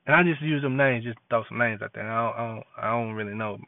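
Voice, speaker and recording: A man's voice: medium pitch, fast talker, gravelly, no echo. A man giving an impassioned, preachy monologue in street slang, repeating his points. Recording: tinny phone-like dry audio.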